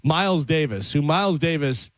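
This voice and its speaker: A male radio co-host in a studio, his voice a bit higher than most men's and dry. He is chatty and laughs easily while telling a story. His talk is loose studio banter. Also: lively intonation, normal speed, no room sound. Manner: chatty, tells stories with laughs.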